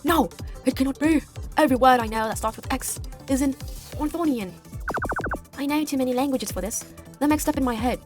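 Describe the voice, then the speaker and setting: A woman's voice: high-pitched, fairly quick, long pauses, over music, voice pushed up, lightly acted. A woman voicing a haughty male alien conqueror with a put-on British accent, speaking stiffly and formally. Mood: pompous.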